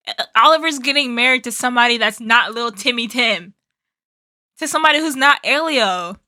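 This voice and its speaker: A woman's voice: a little high, a little fast, sharp tone, no echo, studio quality. A young woman hosting a movie reaction, emotional and exclaiming, often repeating herself. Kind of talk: casual movie reaction commentary.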